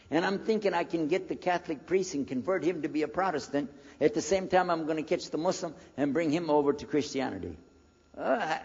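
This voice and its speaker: A man's voice: a little high, slightly rough. An older man, a former preacher, telling his conversion story to an audience in a folksy storytelling manner. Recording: dull lo-fi recording in a reverberant hall.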